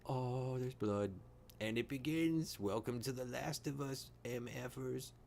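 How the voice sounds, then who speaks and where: A man giving rambling, excitable live reaction commentary, swearing and laughing often. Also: medium pitch, slow, creaky, a little hiss or hum. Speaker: reaction streamer.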